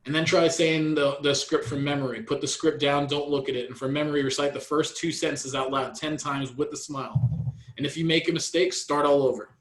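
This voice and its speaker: A man coaching real estate agents in a training session, energetic and repetitive. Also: fairly high pitch, a little fast, reverberant, rough recording.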